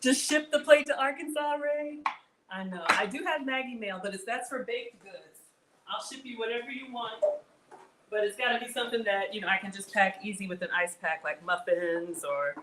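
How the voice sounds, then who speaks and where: A woman's voice: on the high side, moderate pace. Chatty middle-aged woman, live cooking host, faint background noise. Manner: chatty, greets viewers, laughs often. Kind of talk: casual live cooking chat.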